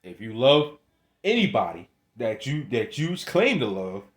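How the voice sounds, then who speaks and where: A man's voice: mid-range voice, big pitch swings, unhurried. A man delivering a rambling religious rant to camera, scolding his viewers, swearing and restarting his phrases. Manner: scolding, swears, laughs between points. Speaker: religious video maker.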